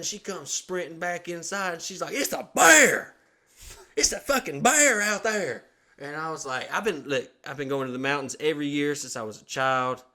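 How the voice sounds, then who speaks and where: A man's voice: medium pitch, fairly bright tone. A young man hosting a podcast, telling a crude, rambling story in a casual, profane way and acting out the quotes. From Southern United States. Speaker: podcast host.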